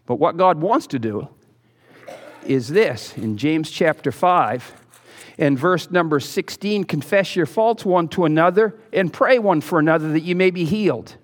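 A middle-aged man preaching a sermon as pastor, folksy and joking, moving from low asides to loud exhortation. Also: lively intonation, measured pace, long reverb tail.

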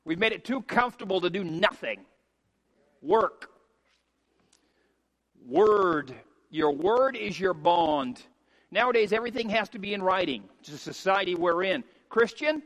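A middle-aged man preaching a sermon as a pastor, emphatic and rising to shouts on key points. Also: sits high. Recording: long hall reverb.

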